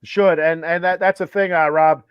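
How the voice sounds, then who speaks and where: A man's voice: on the high side, fairly even intonation, moderate pace, smooth, dry recording. A man co-hosting a casual sports talk show, chatty, with lots of restarts and filler words. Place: home room, with a TV playing a ballgame behind. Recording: dull, dry lo-fi audio.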